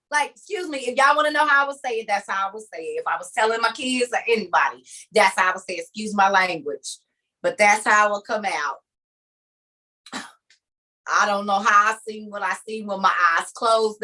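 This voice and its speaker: A woman preaching in a lively, conversational way on a video call. She acts out scenes as she tells them, laughs often and keeps turning to her listeners with emphatic repeats. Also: mid-range voice, brisk. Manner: emphatic and repetitive, addressing listeners directly. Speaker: speaker leading an online group meeting.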